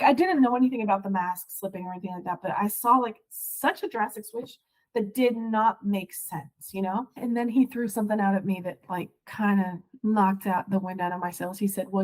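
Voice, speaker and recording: A woman's voice: medium pitch, darkish tone, low-quality recording. Middle-aged woman, podcast guest, candid personal storytelling, earnest and conversational. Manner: candid, earnest, lots of "like" fillers.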